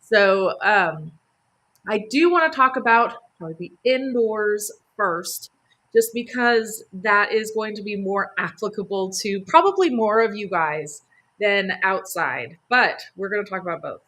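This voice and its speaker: A woman's voice: mid-range voice, animated, measured pace, fairly bright tone. A woman hosting a live gardening stream from her home, chatting enthusiastically with lots of fillers and laughs. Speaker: gardening host. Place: home near a sunroom.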